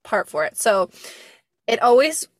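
A young woman hosting a podcast, chatting casually in a rambling, animated way, laughing often and swearing freely. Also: on the high side, measured pace, no echo, clean studio sound. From America. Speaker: podcast host. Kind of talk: casual chat.

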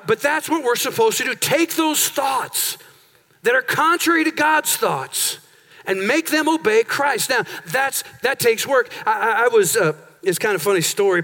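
Bright-voiced, animated male pastor. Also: sits high. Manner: animated storytelling with jokes. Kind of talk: sermon. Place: church sanctuary.

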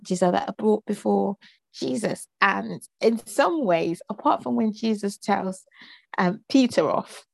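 A woman talks through scripture in a relaxed conversational way, asking questions and musing aloud. Her voice is mellow and gravelly, and the sound is dry and close. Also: medium pitch, dry recording. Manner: thoughtful, asks questions, many fillers. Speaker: co-host of a Bible discussion. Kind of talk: casual Bible study chat.

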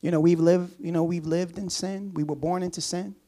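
During his sermon, a man reads from scripture, adds laughing asides, and speaks the servant's part in a low, casual voice. His intonation is fairly even, his pace a little fast, and his tone warm.

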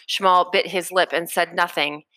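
Bright-voiced woman reading a story. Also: fairly low pitch, unhurried, no room sound. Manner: steady storytelling. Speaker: audiobook narrator. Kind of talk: scripted narration.

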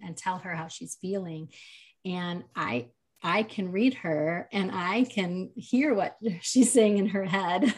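Earnest woman talking about parenting. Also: on the low side. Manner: earnest, animated when telling stories, many fillers. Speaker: podcast co-host, parent of a nonverbal child. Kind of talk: casual conversation.

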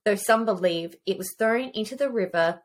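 A woman's voice: medium pitch, moderate pace, slight background noise. Woman reading book passages aloud. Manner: swears freely, reads quotes aloud with feeling. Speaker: podcast co-host. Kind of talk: casual book chat with read-aloud passages.

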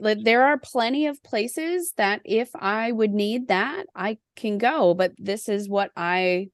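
A woman's voice: medium pitch, takes it slowly, hardly any pauses, no room sound, studio quality. A woman hosting a podcast, telling her own story in a casual chat and acting out the voices she quotes. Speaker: podcast host.

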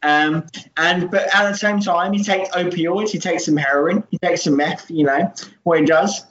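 A man riffing on a podcast in a high, bright-sounding voice, cracking jokes and swearing freely. The recording is dull and lo-fi, with a roomy echo and faint background noise. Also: moderate pace. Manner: joking, sweary, laughing often. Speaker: podcast co-host. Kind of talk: casual chat. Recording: echoey room, dull lo-fi audio.

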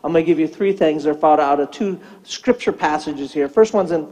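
A man's voice: a little high, fairly quick. An older man, a pastor, telling a comic story in a sermon, acting out the voices in it. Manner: animated, acts out voices in a story.

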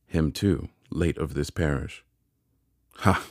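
A man voicing a rough, threatening escaped convict who barks short orders in a gruff, menacing way, in a storybook reading. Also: very deep voice, normal speed, a little mellow, dry recording, clean studio sound. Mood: interrogating.

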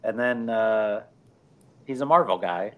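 A man's voice: on the low side, measured pace. A man co-hosting a podcast in casual chat, dry and laid-back with many fillers. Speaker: podcast co-host.

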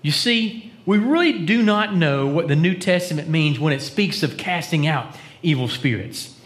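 A man preaches in church in a bright, high voice that rises and falls freely. He talks to his congregation conversationally, asking them questions. He drops to a near whisper for dramatic quotes. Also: lively intonation, normal speed. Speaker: pastor. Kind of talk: sermon.

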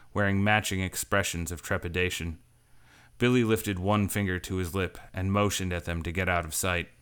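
A man narrating a scripted space-western story in a measured, even storytelling manner. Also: low voice, clear, resonant tone. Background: faint guitar music.

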